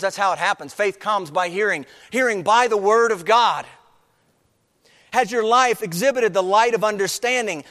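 A man's voice: sits high, a bit bright. A man pastor preaching a sermon, building to emphatic, rising passages. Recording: long hall reverb.

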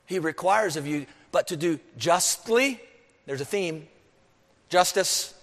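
A man preaching a sermon, swinging between emphatic, raised peaks and low, quiet stretches. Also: lively intonation, normal speed. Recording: long hall reverb.

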